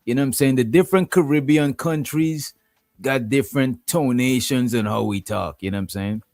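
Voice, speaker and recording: A man's voice: mid-range voice, normal speed, a little mellow, dry recording. Easygoing man, dry close sound. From Guyana. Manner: rambling, frequent "you know what I'm saying". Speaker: streamer host. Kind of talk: casual live-stream chat.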